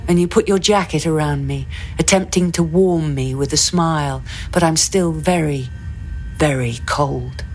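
A woman's voice: sits low, measured pace, a little mellow, a little hiss or hum. A woman actor delivering a scripted first-person dramatic monologue in an intimate, brooding way.

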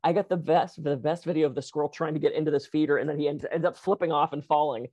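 A woman co-hosting a podcast, telling stories in an animated, laughing way. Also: sits low, quick pace, dry recording. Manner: animated, laughing, bouncy storyteller. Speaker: podcast co-host. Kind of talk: casual chat.

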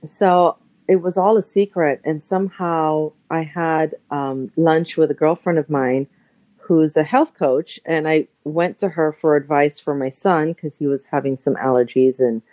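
With a low, dark voice, fairly even intonation, and a measured pace, a woman in her forties recounts an emotional personal story as a podcast interview guest in Los Angeles. She's chatty and uses plenty of fillers, occasionally acting out quoted voices, and there's no room sound.

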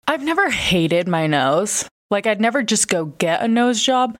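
A woman's voice: mid-range voice, lively intonation, moderate pace, hardly any pauses, fairly bright tone. A woman in her twenties who sounds congested and nasal from a broken nose, chatting candidly and casually as a podcast host, with plenty of fillers and swearing. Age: 20s. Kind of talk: casual chat.

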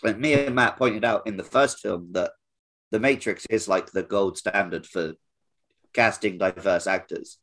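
A man hosting a casual podcast discussion, making points in a relaxed way with frequent fillers. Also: on the low side, measured pace, a little hiss or hum. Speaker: podcast host.

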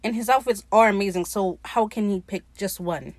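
A woman's voice: medium pitch, moderate pace, no room sound. A woman recapping a TV episode in a casual, profane, gushing way, acting out the characters' lines in her own voice. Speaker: podcast host.

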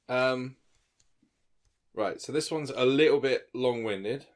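A man's voice: mid-range voice, slow. A young man, reading out tips one by one in a dry manner during casual banter.

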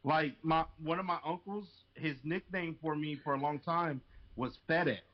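A man's voice: on the high side, fairly even intonation, normal speed. Swearing young man, lo-fi podcast. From Mexican family. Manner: swearing, laughing storyteller. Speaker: podcast co-host. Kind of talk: casual chat, storytelling.

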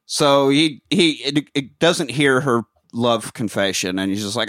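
A man casually recapping an old movie, swearing, laughing often and acting out the characters in quick voices. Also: medium pitch, fairly even intonation, a bit bright, no room sound, studio quality. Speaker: podcast host.

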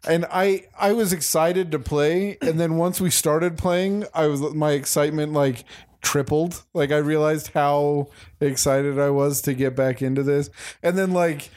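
A young man hosts a casual podcast chat with friends. His voice sits a little high, and he rambles excitably and laughs often. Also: measured pace. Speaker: podcast host.

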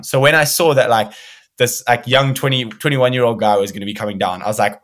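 Animated man telling a story. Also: medium pitch, fast talker. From South Africa. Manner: animated storyteller, acts out quoted dialogue. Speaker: musician guest. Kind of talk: casual interview chat.

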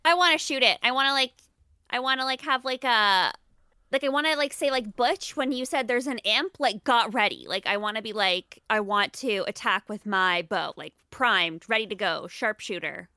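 A woman playing a tabletop game, talking excitedly with constant "like" fillers. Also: fairly high pitch, normal speed, smooth, no echo, clean studio sound. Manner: excitable, heavy use of like. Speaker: player. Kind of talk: casual tabletop play.

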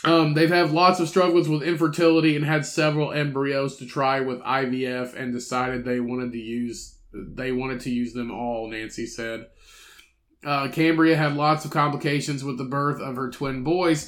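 A man's voice: medium pitch, little pitch movement, fairly bright tone. A man co-hosting a podcast, reading out a news story and ranting with heavy profanity in casual chat. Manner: profane, ranting, quick bursts. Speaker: podcast co-host.

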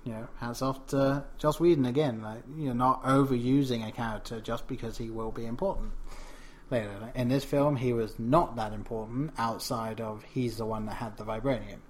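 A man's voice: medium pitch, fairly even intonation, moderate pace, slight background noise. A man co-hosting a podcast, chatting casually about a film, rambling with frequent restarts and laughs. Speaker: podcast co-host.

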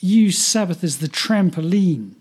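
A man's voice: high voice, expressive, unhurried, darkish tone. A man co-hosting a podcast in casual chat, with a dry, wry, self-deprecating manner. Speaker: podcast co-host.

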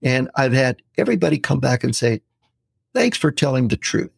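A man in his sixties, a podcast guest, telling lively stories and acting out quotes in casual talk. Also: medium pitch, normal speed, gravelly, slightly rough, dry recording, clean studio sound. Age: 60s. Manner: storytelling, lively, animated quotes.

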